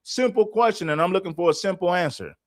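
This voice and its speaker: A man's voice: high voice, fast, dry recording, studio quality. A man hosting a livestream, arguing in a confrontational, repetitive way. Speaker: livestream host. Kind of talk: heated livestream commentary.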